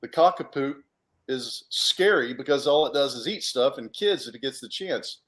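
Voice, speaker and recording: A man's voice: medium pitch, lively intonation, moderate pace, fairly bright tone, lightly acted. A man voicing a boastful, chicken-headed male monster guy in a storybook read-aloud. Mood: bragging. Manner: bragging, showy.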